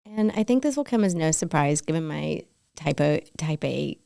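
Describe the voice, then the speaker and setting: A woman's voice: sits low, lively intonation, moderate pace, vocal fry, mellow, no room sound, clean studio sound. A woman co-hosting a podcast, talking candidly and with self-deprecating humor in a casual conversation. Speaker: podcast co-host.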